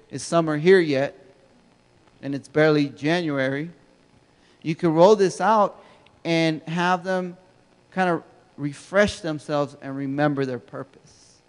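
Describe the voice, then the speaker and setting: A man giving a conversational, storytelling keynote talk to educators, asking the audience questions, heard with a long hall reverb. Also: on the high side. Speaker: keynote speaker.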